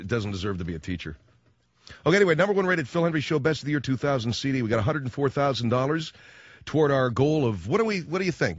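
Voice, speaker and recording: On his radio talk show, a man with a slightly high voice rambles through a comic monologue, cracking jokes and voicing characters in little acted-out scenes. The recording has a dull, dry studio radio sound without any room sound.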